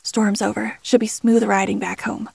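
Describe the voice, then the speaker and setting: A woman voicing a gruff, loyal veteran male team supervisor who talks bluntly. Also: mid-range voice, little pitch movement, moderate pace, a little mellow, dry recording. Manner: blunt, calls everyone kid.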